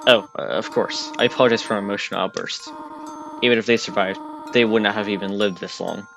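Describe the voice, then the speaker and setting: Man reading as a gentle motherly goat-woman. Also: fairly low pitch, steady tone, gravelly. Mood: apologetic. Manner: formal, unhurried reading without doing a voice. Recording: game music underneath.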